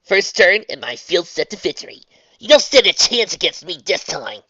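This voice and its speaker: A reader voicing a cocky young tomboy duelist, loud and boastful. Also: mid-range voice, big pitch swings, normal speed, breathy edge, no echo, recorded from a distance, highs cut off, pitched above the performer's own voice, full character voice.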